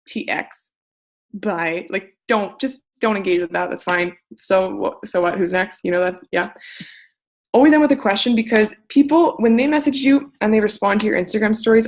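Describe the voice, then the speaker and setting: Young woman, gravelly fry, upbeat casual coaching talk with mild swearing. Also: mid-range voice. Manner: energetic, chatty, swears casually. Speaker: network marketing coach. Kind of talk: casual motivational talk on a group call.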